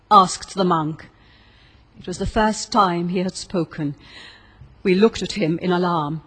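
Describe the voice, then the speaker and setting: A woman narrating a gothic story as an audiobook reader, in a steady, expressive storytelling manner. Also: fairly low pitch, unhurried, long pauses, breathy edge.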